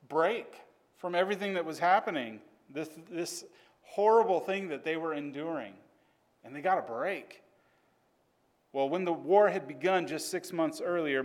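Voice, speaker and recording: A man telling a story to a class in an earnest, measured way. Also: a little high.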